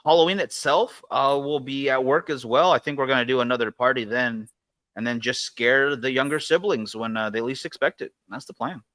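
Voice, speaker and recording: A man hosting a casual podcast chat and telling a story in a relaxed way. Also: medium pitch, a little fast, dry recording. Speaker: podcast host.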